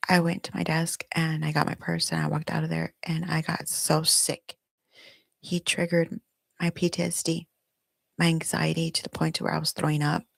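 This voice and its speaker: Her deep, gravelly voice barely shifts in pitch as she talks at a moderate pace. She is a middle-aged podcast host recording herself on video at home, giving a candid, emotional confessional monologue about her own life, and the sound is dry.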